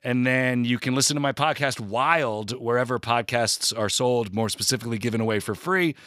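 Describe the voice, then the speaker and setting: A man's voice: medium pitch, brisk, fairly bright tone, dry recording, clean studio sound. A man, an actor and comedian in his forties, telling self-deprecating stories in a casual chat and swearing freely. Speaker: podcast guest, comedic actor.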